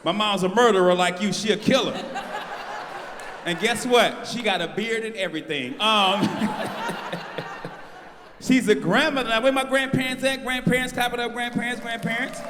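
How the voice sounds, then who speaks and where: A man from North Carolina doing a stand-up comedy set, telling stories loudly and teasing the crowd. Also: very high voice, moderate pace, long pauses, background noise. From North Carolina, USA. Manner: loud, animated storytelling, talking to the crowd. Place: stage of a live comedy show. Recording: echoey venue with long reverb.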